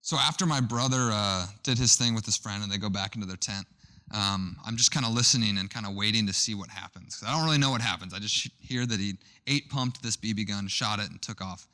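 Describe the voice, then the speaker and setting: Preaching a sermon with a lowish voice at a quick pace, a young male pastor sounds bright and forceful. He keeps it conversational, wanders into a personal story, and frequently starts his phrases over.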